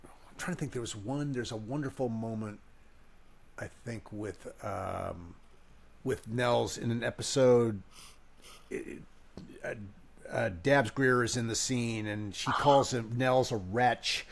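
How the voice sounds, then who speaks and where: Mid-pitched male co-host, thoughtful, halting as he recalls. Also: creaky. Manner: thoughtful, restarts while searching for examples. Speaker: podcast co-host. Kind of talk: casual chat.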